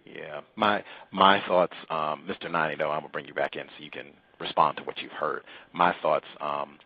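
A man hosting a call-in radio show, speaking deliberately and lecturing on the meaning of terms. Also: very deep voice, steady tone, dull audio, slight background noise.

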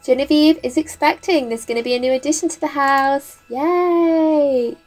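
A woman's voice: sits high, fairly even intonation, brisk, soft background music. A woman chatting casually through a gameplay video, laughing a lot and scolding the characters on screen, recorded at a home desk mic. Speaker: gaming YouTuber. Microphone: desk mic with face cam.

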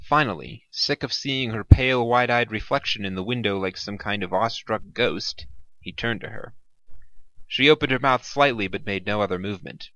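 A man narrating a science fiction story in a measured, wry storytelling manner. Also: on the low side, fairly bright tone, no echo. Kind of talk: audiobook narration.

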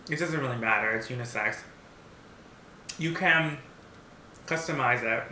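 A man vlogging a mukbang story time, talking while he eats in an animated, blunt, profane way. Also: mid-range voice, a little slow. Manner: animated, talks while eating. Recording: echoey room, faint background hiss.

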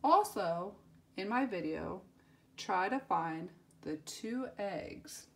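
Lady teacher talking super slow to little kids, spells stuff out, singsongy. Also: mid-range voice, expressive, creaky. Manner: slow, spells words letter by letter, sing-song praise. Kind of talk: children's lesson.

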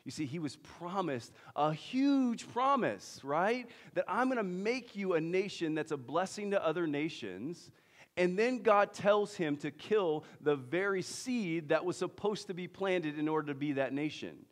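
A man, preaching a sermon, moving between loud emphasis and hushed storytelling. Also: high voice, expressive, unhurried. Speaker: pastor. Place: church hall. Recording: long church-hall reverb.

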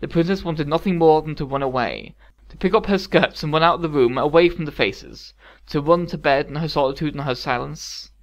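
A man narrating a fairy-tale story calmly with wry asides. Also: fairly high pitch, brisk. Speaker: audiobook narrator. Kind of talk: scripted narration.

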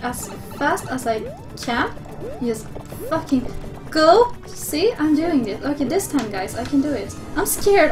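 A young woman streaming a platform game live, swearing freely and talking to her chat. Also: high-pitched. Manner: swearing, excitable, talks to chat. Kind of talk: live gameplay commentary.

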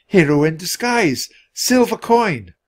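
A man voicing a bright, curious young girl in a storybook reading, with eager, chirpy lines. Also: high-pitched, animated, slow, voice pushed up, exaggerated voice.

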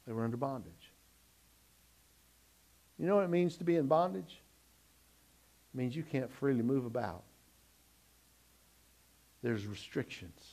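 A middle-aged man preaching a sermon as pastor, swinging between loud emphatic lines and quiet low asides, often repeating words as he restarts.

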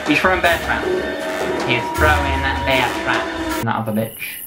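A man talks through a stealth horror game at a slow, drawn-out pace. His pitch swings widely as he yelps and swears. Faint game music sits behind him. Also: animated. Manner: jumpy, swears a lot, yelps when startled. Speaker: gaming video host. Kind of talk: let's play commentary.

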